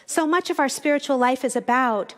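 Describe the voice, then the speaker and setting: A woman minister giving a reflective Sunday sermon that unfolds as a story. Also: high voice. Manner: reflective, storytelling, with slowed phrases.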